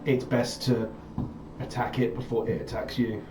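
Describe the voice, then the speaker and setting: A man's voice: mid-range voice, little pitch movement, normal speed, background noise, lightly acted. A man voicing a grim, curt male adventurer who mutters in short, clipped phrases. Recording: roomy distant mic with music.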